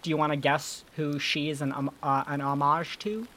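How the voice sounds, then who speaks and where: A podcast co-host in casual chat, talking in an animated, rambling, playful way with casual swearing. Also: mid-range voice, normal speed.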